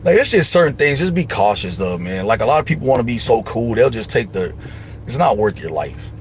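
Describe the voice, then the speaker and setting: A man talking casually on a livestream, leaning hard on his points with lots of slang. He hands out advice in a loose, emphatic way, his voice at an ordinary middle pitch. A faint noise sits underneath. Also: expressive, fast. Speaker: livestream host.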